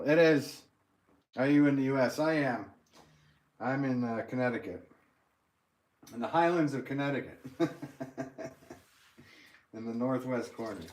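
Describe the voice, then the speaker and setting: Chuckling American man chatting on a livestream. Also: medium pitch. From United States. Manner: jokey, chuckles often. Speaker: potter hosting a livestream. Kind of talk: casual livestream chat, reading out viewer comments.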